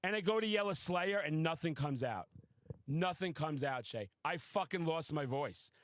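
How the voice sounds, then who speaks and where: High-voiced excitable man, very dry sound. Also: moderate pace, no echo. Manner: excitable, boastful, profane storytelling. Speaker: podcast host. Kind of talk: casual chat.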